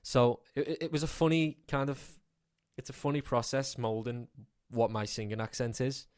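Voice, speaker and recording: A man's voice: medium pitch, steady tone, normal speed, darkish tone, clean tone, no echo, clean studio sound. A young man from Liverpool with a Scouse accent, a guest singer chatting easygoingly in a radio interview, rambling with fillers. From Liverpool, England.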